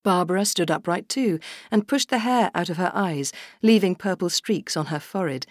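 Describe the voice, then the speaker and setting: A woman narrating a children's storybook aloud in a lively, expressive way. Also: fairly low pitch, moderate pace, dry recording, clean studio sound. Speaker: audiobook reader.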